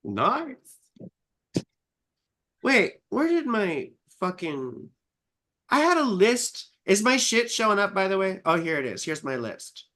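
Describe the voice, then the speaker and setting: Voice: mid-range voice, sing-song, slow pace, pauses often, a bit bright. An astrologer co-hosting a live stream, talking in a casual, teasing way, swearing freely and calling people sweetheart. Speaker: astrologer co-host.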